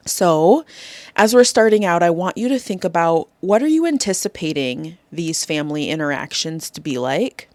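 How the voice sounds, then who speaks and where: Gentle, low-voiced woman podcast host. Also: no echo. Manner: gentle, encouraging, conversational with frequent "right?" and "like". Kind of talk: solo podcast coaching talk.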